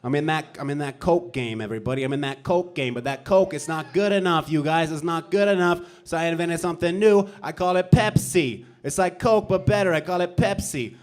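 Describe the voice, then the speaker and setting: A man plays a cocky small-time crook who brags in a swaggering gangster patter. The voice sits high and rides on a handheld mic on a comedy club stage. It is a stand-up bit, loud and showy. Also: a little fast, few pauses, natural voice. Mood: boastful. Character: cocky male small-time criminal braggart. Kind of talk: stand-up comedy battle set.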